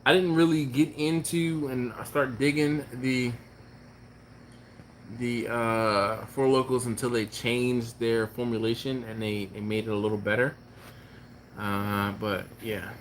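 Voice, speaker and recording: A man hosting a barbecue live stream, chatting casually and reading viewer comments aloud, with a laid-back, chuckling manner and drawn-out exclamations. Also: medium pitch, fairly even intonation, a little hiss or hum. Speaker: barbecue channel host.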